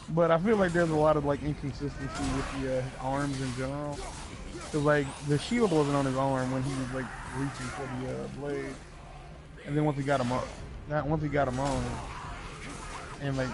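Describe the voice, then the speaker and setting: A man's voice: medium pitch, little pitch movement, normal speed. A man co-hosting a game stream, chatting casually in a rambling, profane way full of fillers. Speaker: co-host watching a game stream. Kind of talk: casual chat.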